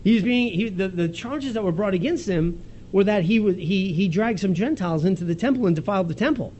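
Guy preaching a bible passage, fairly high voice that swings all over, chatty and animated, faint hiss behind him. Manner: conversational, animated retelling with quick laughs and restarts. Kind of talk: expository sermon.

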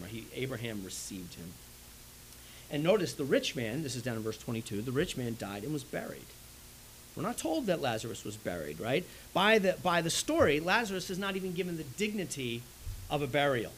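A man preaching a sermon in an animated way, swinging between loud and soft, often checking in with "right?". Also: mid-range voice, slight background noise, low-quality recording. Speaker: pastor.

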